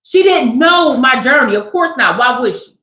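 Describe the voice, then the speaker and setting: Upbeat woman tarot reader, high voice, emphatic, echoey room, livestream chat. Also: lively intonation, sharp tone. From Southern California. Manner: emphatic, repeats "tap in" and "y'all"; slows way down for emphasis. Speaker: tarot reader and spiritual speaker. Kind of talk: casual livestream talk with tarot.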